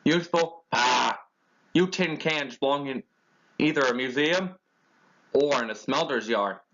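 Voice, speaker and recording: A man's voice: medium pitch, a little slow, fairly bright tone. A man voicing a spiteful, boastful male boat who taunts the engines, in a dull lo-fi recording. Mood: sneering. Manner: sneering and taunting.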